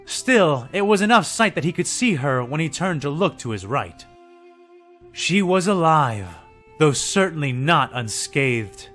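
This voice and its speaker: A man with a fairly high voice reads scripted story narration at a measured pace. Quiet music runs beneath him throughout, giving a produced audio-drama feel. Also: big pitch swings. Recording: faint background music. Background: faint music.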